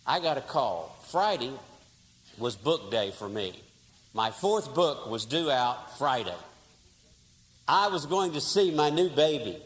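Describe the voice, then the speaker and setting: A man from Texas preaching a storytelling sermon in a folksy, conversational way, dropping soft and then rising loud. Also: mid-range voice. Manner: folksy, conversational, dramatic shifts in loudness. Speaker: pastor. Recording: reverberant hall, faint hiss.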